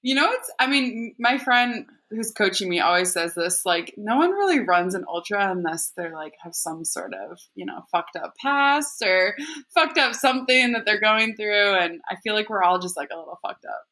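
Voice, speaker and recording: A woman's voice: medium pitch, animated, normal speed, sharp tone. A woman guest on a podcast, chatting casually and laughing often, with a lot of "like" in her speech. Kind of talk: casual chat.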